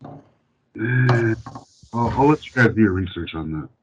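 A man's voice: lowish voice, animated, unhurried, muffled recording, over a noisy crowd. A man in casual podcast chat, loose and full of fillers.

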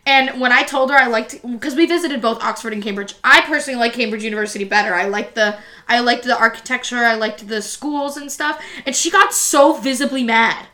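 Young jersey girl telling stories fast and loose, high bright voice, lots of likes and ums. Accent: American. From New Jersey. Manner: chatty, animated storyteller with frequent fillers. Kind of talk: casual chat, storytelling.

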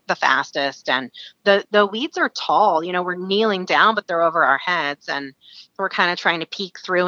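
A woman from Alaska, a guest, telling a story in a casual, animated way with many fillers and frequent laughter. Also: on the low side, no room sound, muffled recording.

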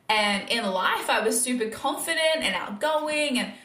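A woman's voice: sits high, lively intonation, brisk, few pauses, sharp tone, echoey room. A woman hosting a casual faith-based podcast monologue, earnest and encouraging, with lots of filler words. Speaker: podcast host.

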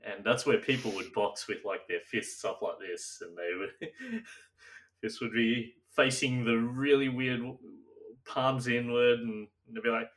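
A man's voice: medium pitch, a little slow, a bit bright, recorded from a distance. A young man co-hosting a casual chat, rambling and laughing often, sometimes slipping into silly old-timey voices. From Australia. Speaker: podcast co-host.

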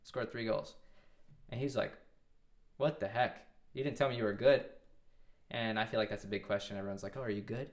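Man in his 20s, lowish voice, casual interview guest, rambling storytelling, lots of restarts. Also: fairly even intonation, brisk. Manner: rambling, with many restarts and quoted dialogue.

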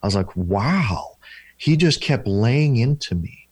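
A man of ordinary pitch tells a story in a sit-down interview. He is earnest and slows down to stress key moments, voicing the other people in it. His voice is recorded close and dry, with no room sound. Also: animated, darkish tone, no room sound. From former Protestant, now Catholic. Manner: earnest, slows down for emphasis, acts out dialogue. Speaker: deliverance minister, guest.

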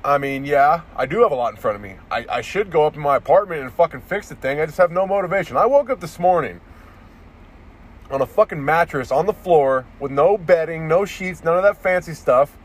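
Profane, rambling man ranting, slightly high voice. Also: animated, brisk. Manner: profane, rambling, restarts often. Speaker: vlogger. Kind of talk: casual ranting monologue.

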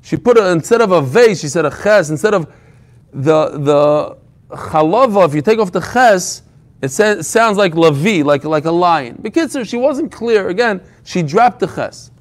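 A man's voice: sits high, animated, moderate pace. A man teaching an informal Talmud class, telling the story with humor and frequent restarts.

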